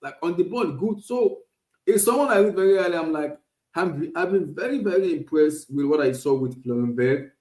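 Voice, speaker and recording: A man hosting a casual solo football talk stream, animated and repetitive, often restarting phrases. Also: on the high side, normal speed, echoey room, rough recording. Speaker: podcast host. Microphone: streaming setup.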